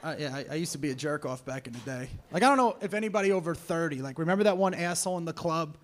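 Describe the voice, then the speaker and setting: In a noisy live recording from a comedy club, a man performs a stand-up set, telling stories in a brash, profane way. His voice sits a little high, and his delivery is rapid-fire.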